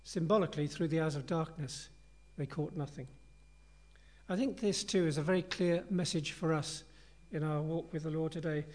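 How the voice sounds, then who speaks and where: With a voice pitched a little above the average man's, a preacher talks his congregation through a passage at an ordinary pace. His sermon is laid-back and conversational, yet earnest and reflective.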